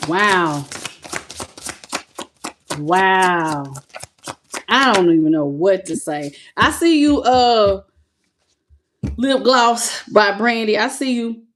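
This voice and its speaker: A woman reading tarot cards live on her channel, greeting viewers by name and calling them baby with animated excitement. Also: mid-range voice, extremely slow, long pauses, a little hiss or hum. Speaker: tarot reader.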